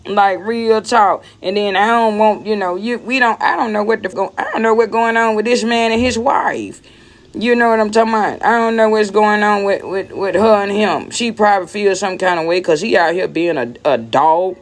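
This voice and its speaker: Gravelly-voiced woman ranting on a livestream. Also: mid-range voice, normal speed. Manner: blunt, rambling, repeats herself. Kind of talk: casual livestream rant.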